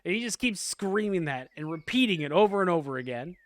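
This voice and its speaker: Man, game master, clear smooth voice, dry close sound, relaxed with lots of fillers. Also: high voice, fast, dry recording. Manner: laid-back, chuckling, many fillers. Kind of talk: narrating a casual tabletop game.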